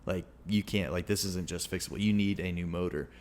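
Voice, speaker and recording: A man's voice: deep voice, a little fast. A young man co-hosting a podcast, telling a long story in casual chat with lots of restarts. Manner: rambling, animated storytelling with frequent restarts. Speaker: podcast co-host.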